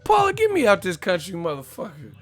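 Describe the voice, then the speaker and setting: A man voicing a TV news reporter who drops his polished delivery and starts yelling and swearing. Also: high-pitched, animated, unhurried, faint music behind, voice pushed up. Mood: outraged. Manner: shouting and swearing after a formal news-anchor opening.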